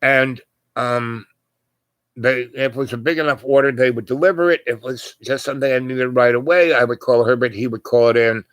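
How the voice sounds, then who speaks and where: A man's voice: mid-range voice, fairly even intonation, fairly quick, a bit bright, smooth, dry recording. An older man telling a long personal story in a loose, rambling way, full of fillers and asides. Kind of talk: casual spoken storytelling.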